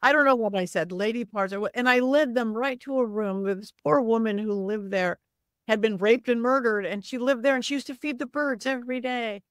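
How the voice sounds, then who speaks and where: A middle-aged woman with a fairly high voice tells a long, animated story as a guest. Her pitch jumps around as she acts out the people in it. The sound is dry and close. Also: a little fast, clear, resonant tone, no echo. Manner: acts out voices in quotes, lively swings of pitch. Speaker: psychic medium guest.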